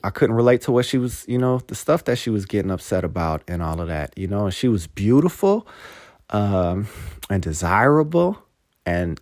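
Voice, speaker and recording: A podcast host rambles through a casual monologue in a somewhat low voice, swearing freely and slipping "man" into every phrase. At times he turns heartfelt and chokes up. The recording is dry and close, with no room echo.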